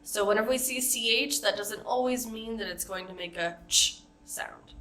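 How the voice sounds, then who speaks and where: A woman with an American accent teaching a pronunciation lesson, modeling example words slowly and carefully. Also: mid-range voice, pushed and bright. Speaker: accent coach.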